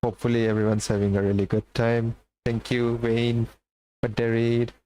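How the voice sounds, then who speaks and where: A man's voice: medium pitch, monotone, moderate pace, mellow, low-quality recording. A man streaming live, chatting casually and playfully with his viewers. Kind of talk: casual livestream chat.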